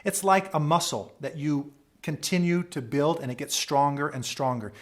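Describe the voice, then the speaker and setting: A man's voice: fairly high pitch, expressive, normal speed. A man telling a story as a leadership speaker, in an earnest, dramatic storytelling manner. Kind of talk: motivational storytelling.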